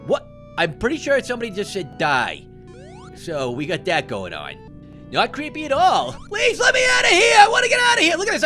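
A jumpy, wisecracking talking orange, voiced by a man for a cartoon let's-play. His pitch swings wildly from low mutters to high yelps, and faint music sits behind him. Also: exaggerated voice. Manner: jumpy, yelps and shouts when startled, jokey asides. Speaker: gaming host.

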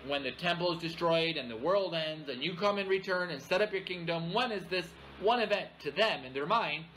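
A man's voice: fairly high pitch, expressive, a little fast, a bit bright, slight background noise, poor audio. A man preaching a sermon in church, explaining scripture and often checking in with "all right?". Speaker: pastor.

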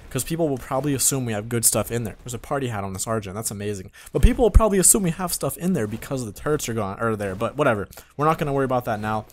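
A man in his twenties hosting casual gameplay commentary, chatty and rambling, with a voice starting to go hoarse. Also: mid-range voice, a little hiss or hum. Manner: chatty, rambling, talks straight to viewers. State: voice going hoarse. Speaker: gaming channel host.

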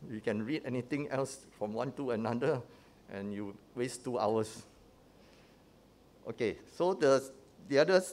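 Male lay preacher, mid-pitched, chatty teaching sermon full of tag questions and restarts. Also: darkish tone. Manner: conversational, checks in with "huh?" and "right?"; often restarts and repeats words.

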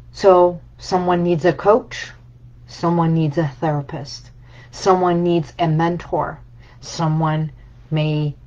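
A woman healing coach giving a reflective motivational talk, repeating and stacking her phrases. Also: sits low. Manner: reflective and repetitive, building phrases in lists. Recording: dull lo-fi sound.

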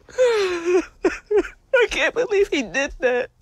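A woman's voice: extremely high pitch, big pitch swings, drawn-out words, dry recording. A woman in a documentary interview, crying and apologizing as she speaks. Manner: tearful, apologetic.

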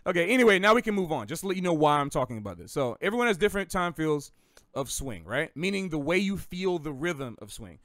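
A man's voice: on the high side, big pitch swings, fast, a bit bright, no echo, studio quality. Chatty Southern man teaching jazz. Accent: slight Southern American. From American South. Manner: rambling, self-correcting, chatty with gaming analogies. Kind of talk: casual livestream lesson.

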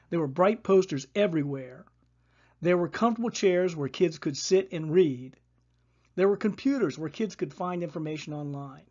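A storyteller reading a children's story aloud in a gentle, expressive way. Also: female voice, sits low, dull audio.

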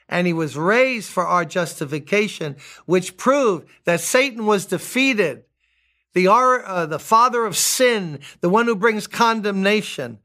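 An older man preaching a sermon as pastor, emphatic, repeating key words and rising high on his appeals. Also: pushed and bright.

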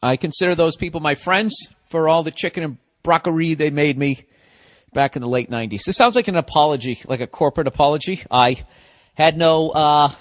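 Male podcast host, 40s, high-pitched, profane and rambling in a casual solo monologue. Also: moderate pace, a bit bright. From United States.

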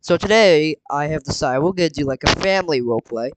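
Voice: medium pitch, animated, quick pace, heavy background noise. Rambling casual gaming host. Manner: rambling with many fillers. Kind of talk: casual game commentary. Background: background music.

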